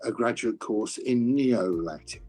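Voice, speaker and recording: An older male classics scholar talks in an interview, halting and restarting often. His humor is dry and self-mocking, and his voice sits at an ordinary pitch. Faint music plays underneath. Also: darkish tone. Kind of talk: conversational interview.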